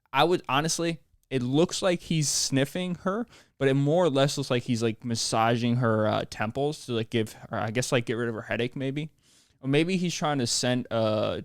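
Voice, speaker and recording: A young man hosting a solo podcast, rambling in deadpan sarcasm and laughing at his own jokes. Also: medium pitch, no room sound, clean studio sound. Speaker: podcast host.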